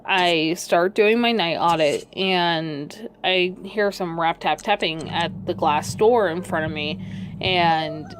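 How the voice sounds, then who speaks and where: A woman with a worn-out, hoarse voice telling a long rambling story, casually swearing along the way. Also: on the low side, slow, slight background noise. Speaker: video creator telling a pet story.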